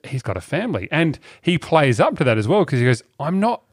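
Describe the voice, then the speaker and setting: Lively man in dry casual film chat. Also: mid-range voice, quick pace, slightly rough, no echo. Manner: playful, puts on character voices in quotes.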